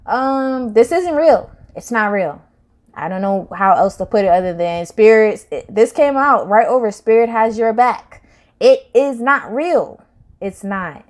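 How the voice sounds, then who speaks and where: A woman's voice: on the high side, expressive, a little slow. Slangy woman giving a tarot reading. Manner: slangy, rambling, swings loud and soft. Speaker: tarot reader. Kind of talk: casual spiritual reading to camera.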